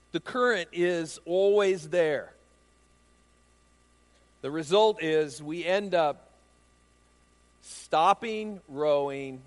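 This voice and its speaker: A man's voice: on the high side, in a large hall. A middle-aged male pastor delivering an earnest, emphatic sermon, pressing hard on key phrases. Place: church.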